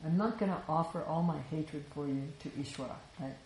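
A woman's voice: deep voice, a little fast, hardly any pauses, darkish tone. A woman teaching Vedanta philosophy in a reflective, conversational way, often checking in with "you know". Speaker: spiritual teacher. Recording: echoey room with faint ambient noise.

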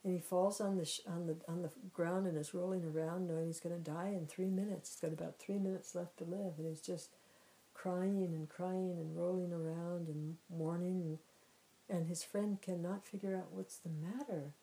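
A woman with a fairly low voice gives a spiritual teaching talk. She speaks in a loose, conversational way and tells a parable as she goes. She often circles back, repeats phrases and adds "you know". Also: fairly even intonation, normal speed, mellow, low-quality recording.

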